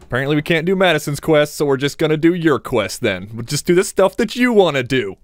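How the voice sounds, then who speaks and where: A man's voice: fairly high pitch, animated, fast, no room sound, studio quality. A young man doing crude, joking let's play commentary, laughing and talking back to game characters. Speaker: gamer.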